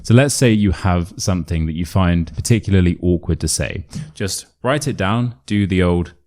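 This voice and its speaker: A man with a British RP accent teaching pronunciation in an upbeat, clear instructional video lesson. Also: sits low, moderate pace, a little mellow. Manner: clear, upbeat, demonstrating sounds.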